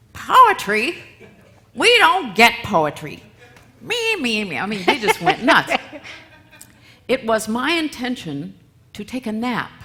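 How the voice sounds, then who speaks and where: Bright-voiced woman telling a funny story. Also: medium pitch. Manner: lively, self-mocking, laughs often. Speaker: guest speaker and musician. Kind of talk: storytelling church talk.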